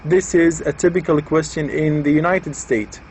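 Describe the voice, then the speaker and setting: A man's voice: a little high, steady tone, moderate pace, a little mellow, slight background noise, poor audio. A man giving an explanatory lecture, patiently repeating and rephrasing each point with examples.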